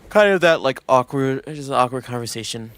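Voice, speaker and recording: A man's voice: mid-range voice, lively intonation, a little fast, fairly bright tone. A young man streaming and chatting casually, rambling with lots of restarts and quoted asides. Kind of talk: casual chat.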